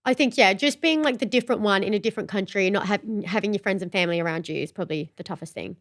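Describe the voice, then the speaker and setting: A woman's voice: mid-range voice, very fast. A woman with an Australian accent, co-hosting a casual chat and laughing often. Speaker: podcast co-host.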